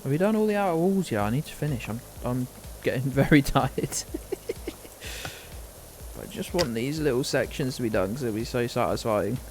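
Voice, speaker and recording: A man's voice: medium pitch, animated, normal speed, a little mellow, a little hiss or hum. A British man chatting casually on a live game stream, rambling, laughing often and talking to his dog. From United Kingdom.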